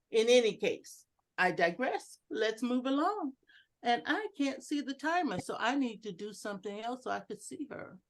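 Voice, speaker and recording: Upbeat woman teaching over a video call, voice bounces all over, kinda high. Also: moderate pace. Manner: animated, playful, acts out inflections. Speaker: educational speaker at a club meeting. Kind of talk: online presentation with audience exercises.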